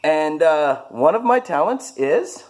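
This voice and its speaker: A man's voice: fairly high pitch, big pitch swings, slow pace. Rambling, self-mocking man vlogging casually. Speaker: vlogger showing his hobbies. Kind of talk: casual talk to camera.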